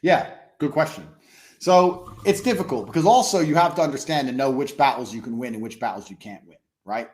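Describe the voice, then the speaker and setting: A man's voice: medium pitch, brisk. Guy on a podcast, swears a lot, cocky and blunt, stretches words out to make a point. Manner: blunt, profane and boastful. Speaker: podcast guest. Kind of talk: casual podcast conversation.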